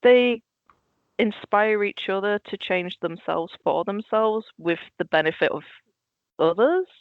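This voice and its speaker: A woman's voice: mid-range voice, expressive, a little slow, no echo. A woman co-hosting a film podcast, chatting animatedly and acting out characters' lines as she talks. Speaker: podcast co-host. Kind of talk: casual film discussion. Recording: slightly dull lo-fi mic.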